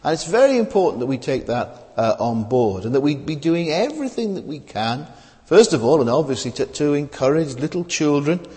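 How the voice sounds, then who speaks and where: A man preaches an earnest sermon, leaning on rhetorical questions and frequent "uh" fillers. His pitch rises and falls in a lively way, and long reverb trails behind his voice in a large hall. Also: brisk.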